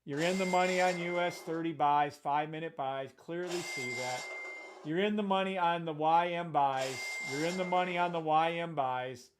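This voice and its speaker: A man runs a live trading stream in an excitable, profane rush, shouting one moment and muttering the next. His voice sits a little high for a man. He calls out trades and greets viewers in the chat by name. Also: normal speed, noisy background.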